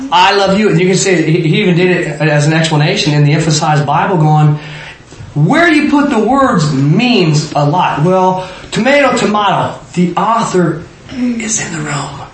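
A man leading an interactive Bible study, talking conversationally, quizzing his small group and often restarting his sentences. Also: a little high. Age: adult parent. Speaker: Bible teacher. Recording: echoey room with faint noise.

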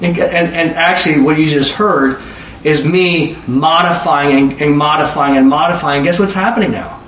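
A man in his forties preaching a sermon in a conversational, animated way, often asking his listeners questions. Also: fairly high pitch, normal speed, slight background noise. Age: 40s. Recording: roomy echo, voice from far off.

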